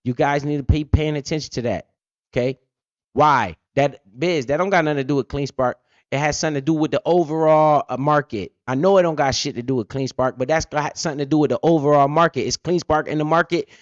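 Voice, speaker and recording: A man talks on his own livestream, slightly high-voiced and worked up, swearing freely and firing off questions he answers himself. The sound is dry and close, with the dull, muffled tone of lo-fi stream audio. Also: quick pace, no echo. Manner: profane, blunt, fired-up, asks and answers his own questions. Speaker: finance livestream host. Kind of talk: casual explanatory livestream talk.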